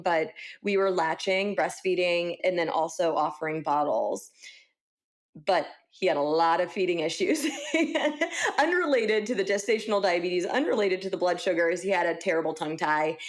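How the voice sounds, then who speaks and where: A woman in her thirties, a pediatric nurse practitioner, speaking as a podcast guest and acting out her own quoted lines with animated energy. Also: fairly low pitch, moderate pace. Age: 30s. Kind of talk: podcast interview.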